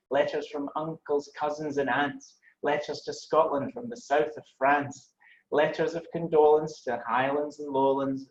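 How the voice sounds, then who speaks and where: A man's voice: medium pitch, echoey room, muffled recording. A man reciting a poem aloud with a rolling, rhythmic delivery.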